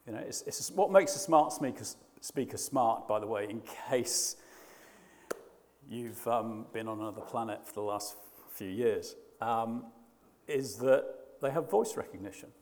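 A man's voice: medium pitch, a little slow, darkish tone. Male preacher, sermon, hesitant, restarts, long hall reverb. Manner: hesitant, frequent restarts and fillers.

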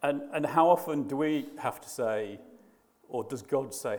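A man's voice: medium pitch, unhurried, darkish tone, long reverb tail. A man preaching a sermon, conversational and hesitant, often restarting his sentences. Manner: hesitant, frequent restarts and fillers.

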